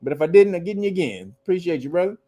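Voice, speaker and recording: Man, high-pitched voice, show host, casual rant, laughs a lot, swears freely. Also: rapid-fire. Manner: animated, laughing often, profane. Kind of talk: casual livestream commentary.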